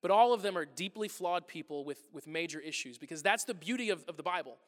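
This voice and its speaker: Animated man preaching in a hall. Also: high voice, quick pace. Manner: animated storytelling, acting out exchanges with loud bursts. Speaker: pastor. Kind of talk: sermon. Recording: long reverb of a large hall.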